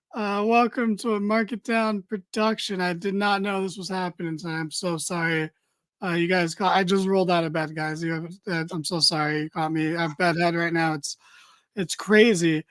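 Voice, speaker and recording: A man's voice: high voice, steady tone, normal speed, fairly bright tone, smooth, no echo. A tired man co-hosting a casual wrestling podcast, rambling with dry, mock-serious humor. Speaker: podcast co-host.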